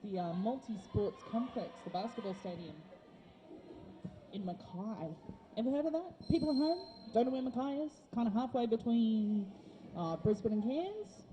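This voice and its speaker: A woman's voice: on the high side, animated, normal speed, warm tone, slight background noise, poor audio. A woman giving chatty, laughing colour commentary on a roller derby bout. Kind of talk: live sports colour commentary.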